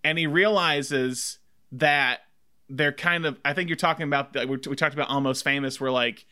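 Bright-voiced man talking films. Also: medium pitch, steady tone, normal speed, clear, resonant tone. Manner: enthusiastic, rambling with many fillers. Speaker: podcast co-host. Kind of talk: casual film discussion.

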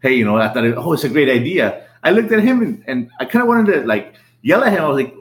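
A middle-aged man tells his business story in an eager, conversational way, stumbling over and repeating his words as he builds up the tale. His voice sits at an ordinary middle pitch. The recording has a roomy echo around it. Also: a little fast. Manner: animated, repeats words, acts out quotes in a higher voice. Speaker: business owner telling his story as podcast guest. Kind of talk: casual storytelling.

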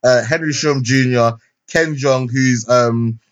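A man's voice: medium pitch, takes it slowly, lo-fi sound. Rambling slangy young man. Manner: rambling with many fillers and restarts, slangy. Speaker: podcast co-host. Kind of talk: casual chat, film review. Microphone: remote call mic.

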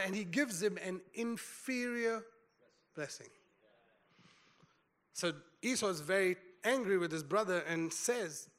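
A man preaching a sermon, retelling a scripture story in a storytelling way and building to loud emphasis. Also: high-pitched, lively intonation, a little slow. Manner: storytelling, acts out quotes, rising to loud emphasis.

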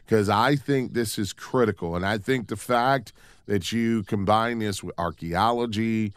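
A man hosting a Christian radio talk show in a measured, earnest way. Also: on the low side, clean tone, no echo, studio quality.

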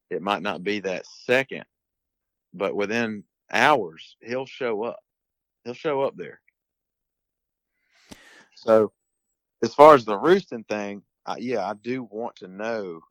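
A man's voice: lowish voice, a bit bright, no echo, poor audio. A man being interviewed as a guest on a podcast, explaining things in a casual, uneven way with restarts and bursts of emphasis. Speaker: podcast guest, turkey hunter.

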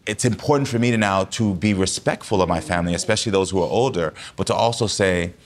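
A man with a fairly low voice talks as a guest on a talk show. He speaks earnestly and emphatically about personal matters, with heartfelt conviction. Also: quick pace. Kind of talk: candid personal conversation.

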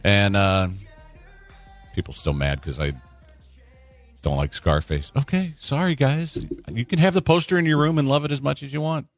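Man, sports radio co-host, casual banter, dry teasing, lively swinging pitch. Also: moderate pace, soft background music.

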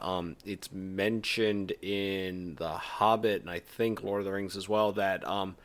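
A man co-hosting a casual podcast chat, laid-back and hesitant, with dry humor. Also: sits low. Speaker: podcast co-host.

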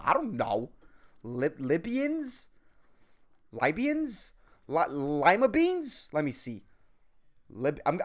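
A man's voice: fairly high pitch, a bit bright. A man in his thirties hosting a solo podcast, rambling and swearing, jumping from topic to topic and calling the listener "dude.". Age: 30s. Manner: rambling, profane, says "dude" and "man" constantly; jumps between topics, self-mocking. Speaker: podcast host. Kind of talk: solo casual rant.

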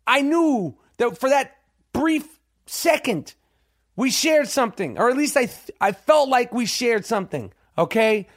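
A man with a high voice hosts his podcast and tells a rambling story full of swearing. He acts out the other people in it with big swings in pitch. The recording is dry, with almost no room sound. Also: measured pace, no room sound. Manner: animated, profane, swings pitch acting out quotes. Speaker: podcast host. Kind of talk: profane storytelling monologue.

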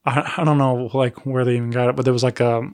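A man's voice: mid-range voice, little pitch movement, fast. A man hosting a casual chat, rambling with plenty of fillers. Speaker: host.

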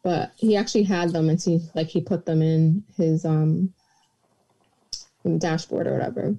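A woman's voice: sits low, fairly even intonation, moderate pace, dark tone. A young woman in casual podcast chat, telling a story in a loose, rambling way full of "like" and "um".

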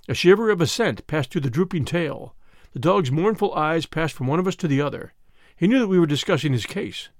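Man, story narration, lively pitch, slightly high voice, dry close sound. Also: brisk, dry recording. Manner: expressive storytelling. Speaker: audiobook narrator. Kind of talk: scripted narration.

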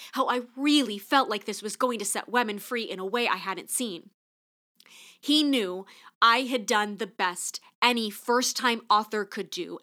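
A woman's voice: fairly high pitch, bright, forceful tone. A woman podcast host in her thirties telling a painful personal story in an earnest, pointed monologue.

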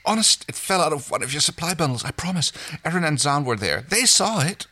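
A man doing a squeaky, jittery alien girl. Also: expressive, normal speed, pushed and bright, breathy edge, full character voice. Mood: nervous. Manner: nervous, squeaky. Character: jittery young alien woman thief.

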